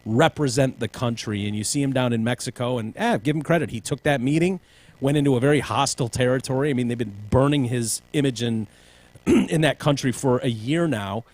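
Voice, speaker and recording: A man's voice: mid-range voice, fairly quick, a little mellow. A man hosting a podcast, talking politics in a loose, mocking way with plenty of swearing. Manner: loose, profane, mocking impressions. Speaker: podcast host. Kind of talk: casual political chat.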